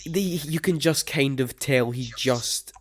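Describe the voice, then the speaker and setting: A man's voice: mid-range voice, slow. A young man hosting a casual film-review podcast, rambling with lots of ums and restarts as he lays out his thoughts. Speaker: podcast host.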